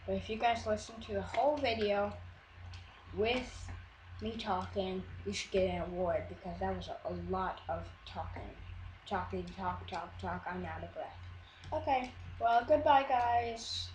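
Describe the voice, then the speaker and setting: A woman's voice: medium pitch, normal speed. Woman, casual gameplay voice-over, rambling, self-interrupting, roomy echo, faint noise. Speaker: Minecraft video maker.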